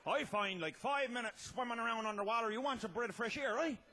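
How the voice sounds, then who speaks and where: A man telling a tall tale as a comedy monologue, loud and laughing, often breaking into shouts. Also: very high-pitched, fast talker, slight background noise. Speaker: comic storyteller.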